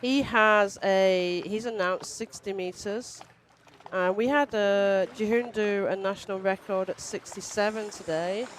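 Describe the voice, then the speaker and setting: A woman commentates live, explaining the athletes' records and backgrounds. Her pitch is ordinary for a woman. Clear background noise from the event runs under her voice. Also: fairly even intonation, unhurried.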